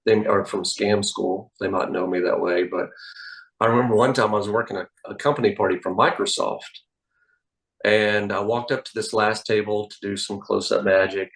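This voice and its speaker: A man, a magician guest telling animated anecdotes on a podcast. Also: fairly low pitch, normal speed, poor audio. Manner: animated anecdotes, acts out quoted voices. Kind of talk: casual interview storytelling. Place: podcast studio.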